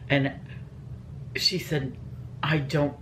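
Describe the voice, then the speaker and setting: A man's voice: fairly high pitch, little pitch movement, drawn-out words, a bit bright, a little hiss or hum. A man telling ghost stories in a casual storytime vlog, scatterbrained and rambling with lots of fillers. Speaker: vlogger.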